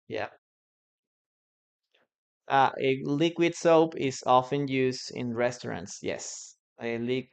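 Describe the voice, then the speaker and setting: A man teaching a live online English class, slowly repeating words and sentences so students can practice pronunciation. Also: medium pitch, clean tone. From Peru. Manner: slow, patient, repeats words for pronunciation drills.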